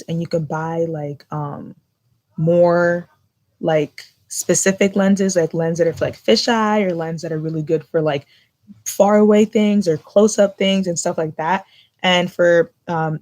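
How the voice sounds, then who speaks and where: Chatty young woman vlogger, lowish voice. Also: a little mellow. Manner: chatty, filler-heavy with lots of "like". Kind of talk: casual live chat.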